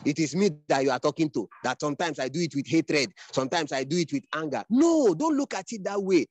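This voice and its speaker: Man, middle-aged, instructor on a video call; earnest fatherly lecturing, slightly high voice, dry close sound. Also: expressive, a little fast, a little mellow, no room sound. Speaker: training instructor. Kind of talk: online class talk.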